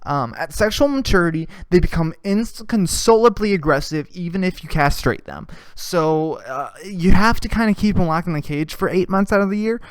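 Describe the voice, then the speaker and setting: A man's voice: sits high, animated, moderate pace, few pauses, clear, resonant tone, no room sound. Crude, sarcastic young man ranting. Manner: profane, sarcastic, mocking impressions. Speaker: podcast host. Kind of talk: crude comedic rant.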